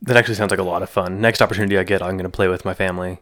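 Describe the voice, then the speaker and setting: A man's voice: low voice, fairly even intonation, rapid-fire, a bit bright. A man co-hosting a podcast, talking loosely in casual chat, often trailing off and restarting his thoughts. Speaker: podcast co-host. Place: Colorado.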